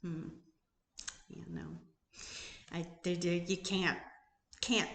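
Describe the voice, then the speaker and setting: Animated woman coach in an echoey room. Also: on the low side, slow. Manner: animated, emphatic, with rhetorical questions. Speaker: life coach and YouTube host. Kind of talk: motivational talk to camera. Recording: roomy echo.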